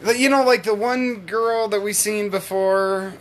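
A man's voice: sits high, measured pace. A man hosting a podcast, talking animatedly about a video clip and swearing casually. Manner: animated, swearing, quoting clips. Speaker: podcast host. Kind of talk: casual chat.

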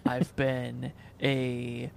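A man's voice: mid-range voice, completely flat delivery, very slow, gravelly, a little hiss or hum. A man co-hosting a podcast, rambling through crude joking stories in casual banter. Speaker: podcast co-host.

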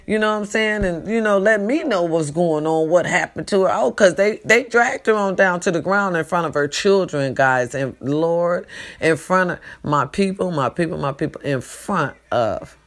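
A woman's voice: on the low side, moderate pace. A woman talking to her followers in an emphatic late-night monologue, repeating herself and calling out to them, recorded at home. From California. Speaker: vlogger.

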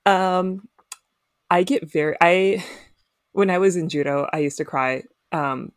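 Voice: mid-range voice, steady tone, unhurried, dry recording, studio quality. A young person on a group podcast, talking candidly with frequent laughs and casual swearing. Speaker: podcast co-host.

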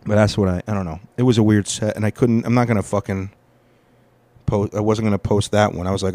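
Low-voiced man rambling casually, dry close sound. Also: steady tone, fast, warm tone, dry recording. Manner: profane, meandering, self-deprecating. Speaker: podcast host.

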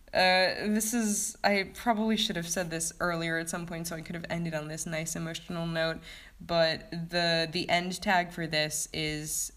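A woman with a slightly low voice talks through a set of TV episodes in a loose, unscripted review. She rambles and fills nearly every pause with "like" and "um". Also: fairly bright tone. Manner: rambling, heavy use of "like" and "um". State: sleepy. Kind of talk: casual spoken review.

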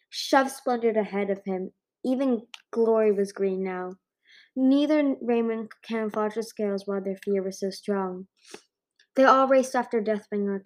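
Woman reading a storybook aloud. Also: mid-range voice. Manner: expressive read-aloud with occasional restarts. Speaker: amateur audiobook reader.

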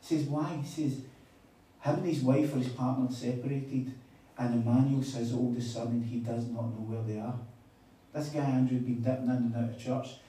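A man preaching a sermon, telling a story in a chatty, animated way with quoted dialogue. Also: medium pitch, normal speed. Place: conference hall on a weekend retreat. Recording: echoey hall, mic at a distance.

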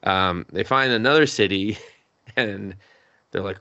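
Male podcast co-host, lower pitch, animated casual recap with voiced quotes. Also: dry recording, muffled recording. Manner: animated retelling with quick voiced quotes and laughs; swears casually. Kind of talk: casual anime recap chat.

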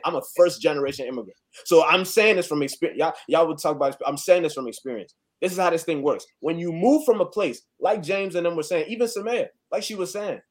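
Insistent young guy in a group argument, kinda high voice, counting off points. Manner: interrupts, repeats "time out" to take the floor. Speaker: debate participant. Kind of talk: heated group discussion.

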